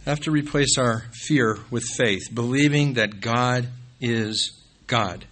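Bright-voiced man preaching a sermon. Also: slow. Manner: rises to emphatic peaks, drops low and quiet when calling out scripture references. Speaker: pastor.

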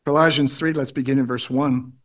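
A man's voice: mid-range voice, fairly even intonation, brisk. A man preaching a sermon, reading scripture aloud and repeating key phrases for emphasis. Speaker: pastor.

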